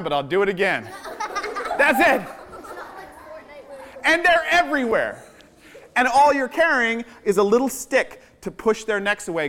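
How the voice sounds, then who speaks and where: High-voiced, animated man telling stories. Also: a little hiss or hum. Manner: animated, playful storyteller addressing children. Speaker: visiting children's author. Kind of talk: school assembly storytelling talk. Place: school assembly.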